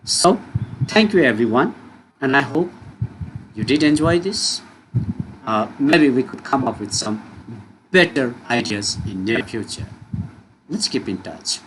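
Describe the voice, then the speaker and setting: A man teaching a lesson, explaining with an expressive delivery and frequent rhetorical questions. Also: medium pitch, unhurried, long pauses. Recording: noisy recording with steady background noise.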